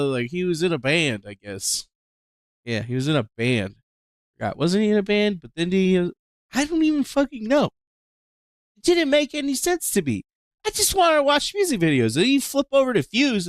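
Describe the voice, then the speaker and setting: A man's voice: on the high side, a bit bright, clean tone, no room sound, clean studio sound. A man, ranting casually and profanely on a livestream, sighing and sarcastic. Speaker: livestream host. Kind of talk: rambling livestream rant.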